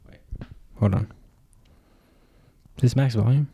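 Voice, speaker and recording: A man's voice: medium pitch, dark tone, a little hiss or hum. A young man co-hosting a podcast, chatting casually about a movie he just watched, rambling and restarting his sentences. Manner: quick, rambling, lots of restarts. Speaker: podcast co-host. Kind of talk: casual movie reaction chat.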